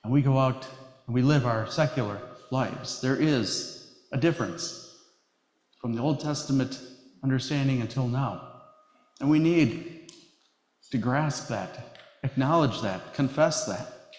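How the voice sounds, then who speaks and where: A man's voice: mid-range voice, darkish tone. Man preaching in an echoey hall. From Wisconsin. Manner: measured and emphatic, slowing on key phrases. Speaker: pastor. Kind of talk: sermon. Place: church sanctuary.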